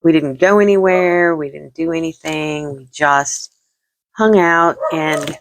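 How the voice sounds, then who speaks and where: Low, gravelly-voiced middle-aged woman. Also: fairly even intonation, takes it slowly, no echo. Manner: rambling, self-deprecating, repeats herself. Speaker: vlog host. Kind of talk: casual chat while crafting.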